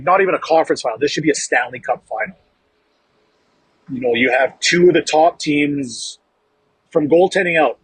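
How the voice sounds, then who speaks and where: Husky-voiced man breaking down hockey picks. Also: mid-range voice, dry recording, rough recording. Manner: opinionated, emphatic, trailing restarts. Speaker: hockey co-host and analyst. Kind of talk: casual sports podcast talk.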